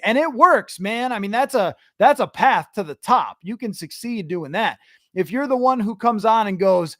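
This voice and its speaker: Male sports podcast host, fairly high voice, chatty and thinking aloud, dry recording. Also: animated, moderate pace, a bit bright, no room sound. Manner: conversational, thinks aloud with restarts. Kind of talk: casual sports talk reading listener questions.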